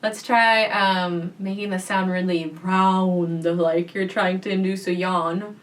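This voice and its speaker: A young woman guiding a gentle voice practice in a soft, calm, reassuring way. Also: medium pitch, measured pace, distant mic. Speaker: voice teacher.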